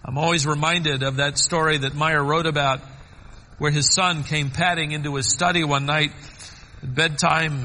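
A man preaching a sermon, swinging between soaring emphatic peaks and quiet low asides. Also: long reverb tail, poor audio.

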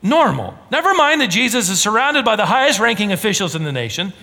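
Animated preacher man, bright voice. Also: high-pitched, fast, big-room sound. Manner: animated preaching, emphatic rises and drops to near-whisper. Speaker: pastor. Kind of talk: sermon.

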